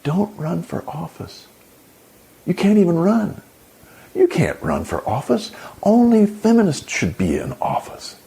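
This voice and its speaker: Indignant man with a gravelly voice. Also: sits high, sing-song, measured pace, dark tone. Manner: indignant, exclaiming, sarcastic. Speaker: channel host. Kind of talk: opinion commentary.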